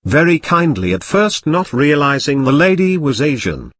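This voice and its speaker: A man narrating a scripted comedy story in a flat, matter-of-fact way. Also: a little high, moderate pace, dry recording.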